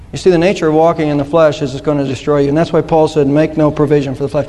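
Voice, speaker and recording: A man's voice: a little high, little pitch movement, quick pace, few pauses, dark tone. A man preaching a sermon in an earnest way, quoting scripture and telling a story to a congregation. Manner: earnest, storytelling with quoted voices. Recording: long hall reverb.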